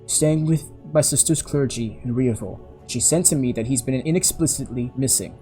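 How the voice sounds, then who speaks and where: Brief: a man playing a stern middle-aged knight, formal, frantic, mellow tone. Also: mid-range voice, moderate pace, faint music behind, close to an everyday voice. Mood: worried.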